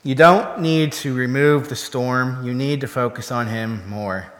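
A pastor's sermon unfolds in a relaxed, chatty way as he turns again and again to the congregation with rhetorical questions. He talks unhurriedly in an ordinary middle pitch that is a bit bright, and a big hall lends a long reverb.

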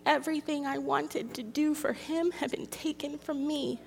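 A high, creaky voice with fairly even intonation carries this women's ministry speaker's personal testimony sermon, delivered at a moderate pace. Reading scripture, she confesses emotionally to a gathering of women amid long hall reverb.

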